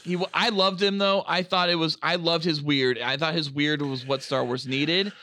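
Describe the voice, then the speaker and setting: Bright, crisp-voiced excitable man. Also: on the high side, moderate pace, no room sound. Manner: excitable, swears freely, rattles off fan lore. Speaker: podcast co-host. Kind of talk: casual podcast chat.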